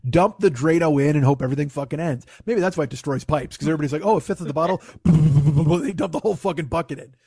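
Husky man telling a rambling, profane story. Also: a little high, fast, few pauses, darkish tone, no room sound, studio quality. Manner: profane, rambling, self-mocking. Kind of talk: casual storytelling chat.

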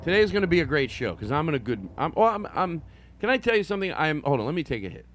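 Rambling, lively-voiced male podcast host. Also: fairly high pitch, very fast, a little hiss or hum. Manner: meandering, self-mocking, playful silly voices. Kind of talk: rambling improvised solo podcast.

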